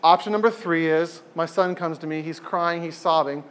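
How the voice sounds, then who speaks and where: A man leading an informal group talk, animated and emphatic, often repeating phrases for effect. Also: on the high side, moderate pace, clean tone.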